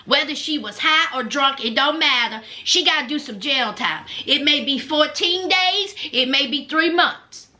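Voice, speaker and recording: Sassy, lively-voiced woman vlogger. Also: high-pitched. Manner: sassy, exclamatory, storytelling. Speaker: reality TV recap vlogger. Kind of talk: casual commentary recap.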